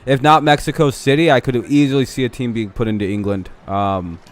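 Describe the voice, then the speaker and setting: A man's voice: medium pitch, fairly even intonation, brisk. A man hosting a live stream, chatting casually and arguing with lots of swearing while he watches a game. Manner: profane, argumentative, rambling. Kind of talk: casual chat during a game watch-along.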